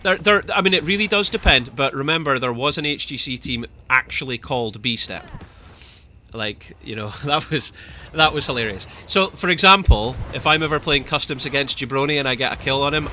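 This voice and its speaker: A young man casting a live esports match, chatty and excitable, laughing often. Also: mid-range voice, normal speed, slight background noise. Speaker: esports caster.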